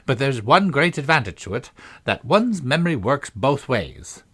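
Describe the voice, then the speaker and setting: A man's voice: mid-range voice, sing-song, normal speed, a bit bright, slightly rough, pitched above the performer's own voice. A man doing the White Queen, flustered and muddled. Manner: fussy and helpless, sighing. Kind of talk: storybook reading.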